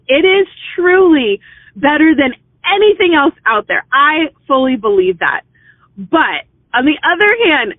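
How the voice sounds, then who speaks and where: A middle-aged woman speaks in a high, bright register, earnest and encouraging, as if coaching a team of consultants. She talks conversationally, with "you know" and "um" sprinkled in. The sound is thin and phone-like, with no room around it. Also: no echo. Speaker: business mentor speaking to consultants. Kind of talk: motivational talk.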